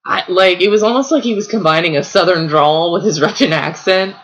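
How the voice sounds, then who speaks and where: Thirtyish woman gabbing about a movie, lively, lots of likes and ums. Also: lowish voice, fairly quick, a little hiss or hum, poor audio. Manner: animated, lots of fillers, acts out reactions. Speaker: podcast co-host. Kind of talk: casual movie review chat.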